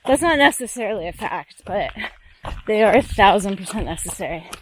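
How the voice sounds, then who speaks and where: Recapping her ultramarathon, a vlogger holds a pocket camera as she hikes and runs a long race outdoors on a foggy mountain trail, giving breathless running commentary. She sounds animated and brisk in a mid-range voice, yet tired, rambling, and bluntly profane. The recording is rough, with slight background noise.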